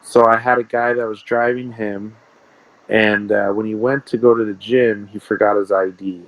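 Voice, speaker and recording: A man tells stories in a casual, rambling way and often circles back to repeat himself. His voice sits on the low side. The sound is dry, with no room echo. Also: fairly even intonation, normal speed. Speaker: guest, sports card shop owner. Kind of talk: casual interview storytelling.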